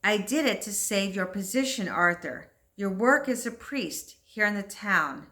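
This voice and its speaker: A woman's voice: mid-range voice, expressive, unhurried, pushed and bright. A woman reading aloud the lines of a remorseful young woman from an old New England story, in an earnest, pleading way.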